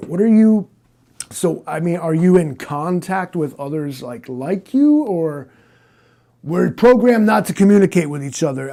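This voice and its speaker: A man's voice: a little high, animated, unhurried, vocal fry, mellow. A man playing a skeptical interrogator in an improvised comedy scene, questioning hesitantly.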